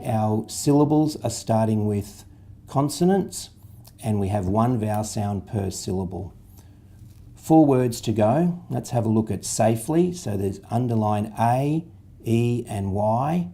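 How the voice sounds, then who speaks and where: A man's voice: lowish voice, dark tone. A man explaining syllable division in a patient, step-by-step phonics lesson. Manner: patient, step-by-step instructional delivery. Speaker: literacy teacher.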